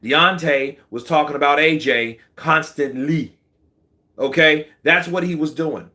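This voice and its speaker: A man hosts casual boxing commentary in a bright, sharp voice. He talks slangy and animated and answers viewer comments as he goes. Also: a little high, a little slow. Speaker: boxing channel host.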